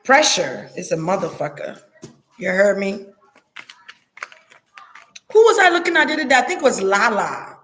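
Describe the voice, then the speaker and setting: A woman vlogging in a casual, blunt and profane monologue, talking straight to her viewers, laughing often, with lively jumps in pitch. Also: moderate pace, pauses often, slight background noise.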